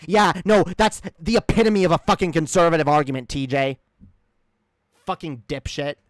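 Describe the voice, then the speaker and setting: A man's voice: fairly high pitch, fairly even intonation, normal speed, no room sound, clean studio sound. A man streaming a reaction, ranting in a heated, profane, rambling way.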